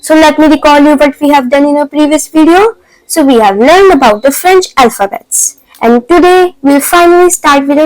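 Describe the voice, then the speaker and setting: A woman's voice: sits high, dry recording, rough recording. A woman teaching an online French lesson, explaining patiently step by step in non-native English phrasing.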